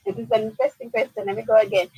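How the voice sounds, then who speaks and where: A woman's voice: on the high side, very animated, rapid-fire, gravelly, a little mellow, slightly rough, rough recording. Firm Jamaican woman giving legal advice. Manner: firm, explanatory, repeats key points. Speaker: lawyer answering listener questions. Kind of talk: radio call-in legal advice. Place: radio studio.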